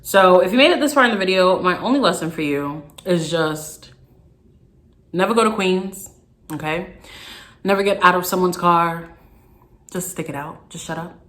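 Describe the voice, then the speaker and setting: Animated young woman vlogger, bright voice. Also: on the low side, moderate pace, pauses often. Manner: animated, exasperated retelling. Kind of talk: storytime vlog.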